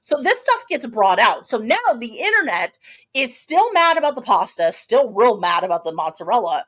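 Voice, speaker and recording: A woman's voice: on the high side, very animated, moderate pace, fairly bright tone. A woman co-hosting a podcast, telling a story in casual chat with many asides and restarts. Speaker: podcast co-host.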